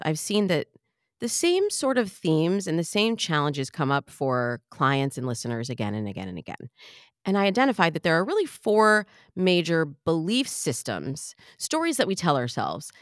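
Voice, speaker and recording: A woman hosting a dating podcast as a dating coach, speaking in a bubbly, playful, expressive way. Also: low-pitched, no echo, clean studio sound. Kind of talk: podcast monologue.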